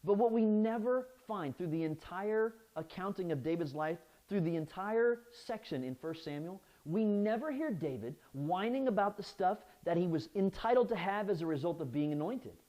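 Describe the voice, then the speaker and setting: A man's voice: high-pitched, animated, moderate pace, hardly any pauses, dark tone, poor audio. A man preaching a sermon as pastor, often restarting his phrases and asking the listeners "right?".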